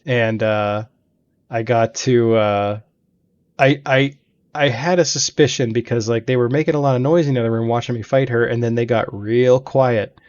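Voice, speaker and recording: A man's voice: mid-range voice, fairly even intonation, normal speed, darkish tone, clear, resonant tone, lo-fi sound. Rambling man telling gaming stories. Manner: rambling, chatty storytelling. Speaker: let's play host. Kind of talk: casual gaming commentary. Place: home gaming room.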